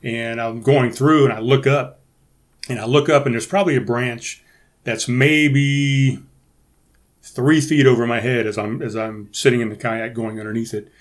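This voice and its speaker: A man's voice: medium pitch, steady tone, moderate pace. A man hosting his own podcast in a casual solo chat, rambling and swearing freely into a podcast microphone. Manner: rambling and profane, with many restarts. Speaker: podcast host.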